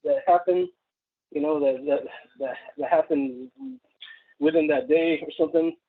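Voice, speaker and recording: Man, caller, rambling and halting, higher voice, tinny phone line. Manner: halting, many "like" fillers and restarts. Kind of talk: casual storytelling.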